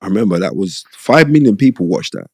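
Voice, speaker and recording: A middle-aged man, a podcast host, telling stories from his boxing past in an animated, emphatic way, repeating phrases and often asking "you know what I mean". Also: low-pitched, fast talker, gravelly, no echo. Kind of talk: conversational storytelling.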